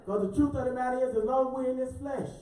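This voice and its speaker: A man's voice: very high-pitched, fairly even intonation, quick pace, crowd noise. A man, preaching a sermon in a rhythmic, sing-song, call-and-response style. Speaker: pastor. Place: church sanctuary. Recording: echoey church from far off with congregation.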